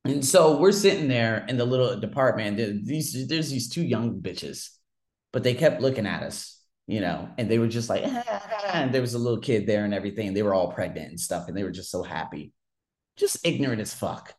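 A man's voice: on the low side, animated, brisk, darkish tone. A man telling a personal story in a casual monologue, ranting heatedly and swearing often. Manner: heated, profane ranting with frequent restarts.

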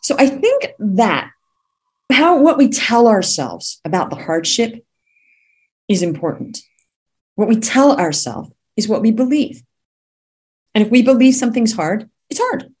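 Emphatic husky-voiced woman coach. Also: a little high, unhurried, pauses often. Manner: emphatic, animated storytelling. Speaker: guest, business coach. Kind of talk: podcast interview.

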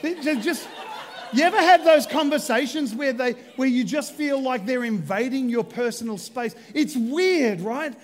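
A man's voice: very high voice, moderate pace, big-room sound. A man preaching a humorous sermon as pastor, chatty and self-deprecating as he jokes with the congregation from a church stage.

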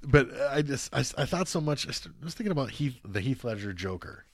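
A man's voice: medium pitch, expressive, fairly quick. A man co-hosting a casual podcast chat, swearing and using lots of fillers. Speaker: podcast co-host.

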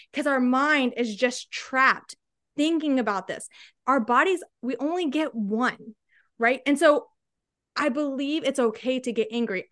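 High pitched lady coach, super passionate, keeps saying right?. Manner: energetic, emphatic, tag questions like "right?". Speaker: guest, body-confidence coach. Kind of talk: passionate interview answers.

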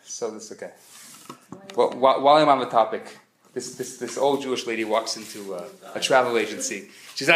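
Animated rabbi telling jokes in a lecture. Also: male voice, medium pitch. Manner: animated storyteller, quick joke delivery. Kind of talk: humorous lecture. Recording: echoey room.

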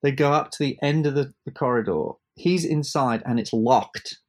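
Man telling lively studio stories. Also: mid-range voice, moderate pace. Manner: animated anecdotes, acts out quoted voices, laughs. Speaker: record producer, guest. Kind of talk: storytelling interview chat. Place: abroad from the host, evening.

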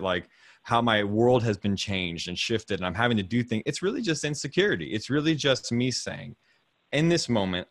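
This podcast host, a man in his thirties, has a fairly low, somewhat bright voice with no room sound around it. On a video call, he drifts loosely through faith and fatherhood, often repeating words and chuckling.

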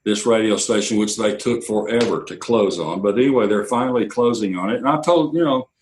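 An older man, a radio executive telling anecdotes in an interview, quoting others in lively bursts. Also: on the low side, fairly quick, slight background noise, low-quality recording. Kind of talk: storytelling interview.

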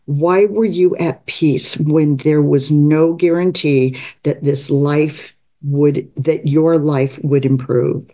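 A woman's voice: low voice, steady tone, slow pace, few pauses, dark tone. A woman reading the lines of a frank, caring longtime female friend who speaks directly and earnestly.

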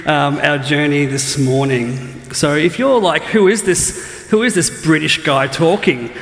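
A man's voice: fairly high pitch, a bit bright. A man in his thirties with an Australian accent, a student ministries pastor joking with the congregation and quizzing them at the start of a sermon. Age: 30s. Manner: joking, self-deprecating, quizzes the crowd. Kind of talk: casual sermon opening with audience quiz. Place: church auditorium. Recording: long hall reverb in church.

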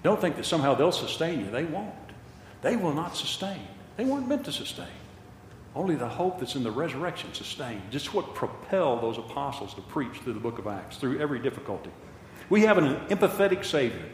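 A man's voice: on the high side, big pitch swings, a little fast, a little hiss or hum. Older male preacher in an echoey hall. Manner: impassioned, repeats phrases for emphasis. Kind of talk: sermon. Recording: echoey hall with long reverb.

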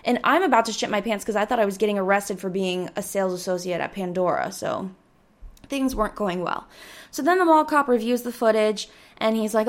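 A woman in her twenties hosts a podcast, telling a casual story in a dramatic, animated style with some casual swearing. Her voice is mid-range and she talks a little fast.

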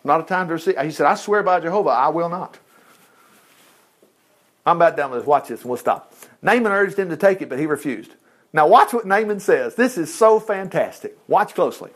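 A man preaching an informal sermon, retelling a Bible story in a folksy way with asides and rhetorical questions. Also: sits high.

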